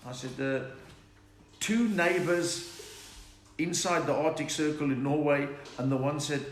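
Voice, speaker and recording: A man's voice: on the high side, measured pace. A South African man, a comedian, chatting and telling jokes on a live stream from home and answering viewers' requests. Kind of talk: live-stream joke chat. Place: home during lockdown. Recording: echoey room, faint noise.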